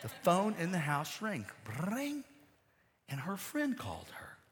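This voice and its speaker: A man preaches in a large church, his voice pitched high and bright. He spins a folksy story and keeps calling out to his congregation. Long reverb trails every phrase. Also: huge pitch swings, normal speed, a little hiss or hum. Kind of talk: sermon. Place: church sanctuary.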